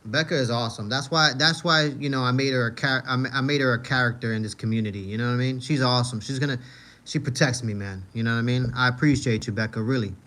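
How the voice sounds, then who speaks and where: A man with a New York accent chats loosely on his livestream, reading viewers' comments aloud. He talks in a mid-range voice and circles back to repeat his own lines. His delivery is relaxed and full of filler. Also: mid-range voice, fast talker. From Manhattan, New York. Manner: rambling, repeats himself, frequent "you know what I mean". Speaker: livestream host reading chat. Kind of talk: casual livestream chat.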